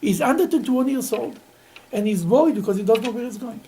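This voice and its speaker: A middle-aged man, a rabbi, teaching a Talmud class in an animated storytelling way, often laughing and repeating words. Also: extremely high pitch, fairly quick, a little hiss or hum, poor audio.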